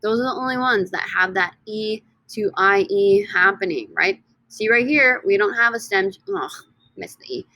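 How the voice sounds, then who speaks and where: A woman teaching a recorded lesson from slides in an upbeat, teacherly way, often stretching words out slowly for emphasis. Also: mid-range voice, lively intonation, bright, forceful tone, no room sound. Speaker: Spanish teacher.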